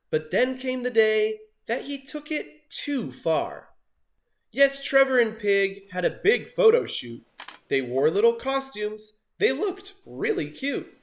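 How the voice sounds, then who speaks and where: A man reads a rhyming children's book aloud in a high, unhurried voice. His pitch rises and falls widely, and he throws himself into loud character voices. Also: big pitch swings. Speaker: storybook reader. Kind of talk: animated picture-book read-aloud.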